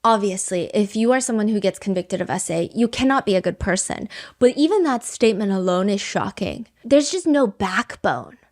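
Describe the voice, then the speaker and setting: A woman's voice: mid-range voice, lively intonation, moderate pace, hardly any pauses, darkish tone. A woman hosting a podcast, talking casually with emphatic, indignant commentary. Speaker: podcast host.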